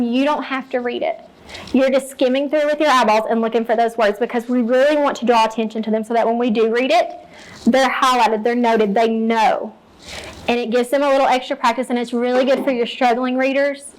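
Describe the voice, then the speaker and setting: Woman teacher, fairly high voice, practical how-to talk for peers. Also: steady tone, brisk, poor audio. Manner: practical, explains step by step and models read-alouds. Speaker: teacher presenting to fellow teachers.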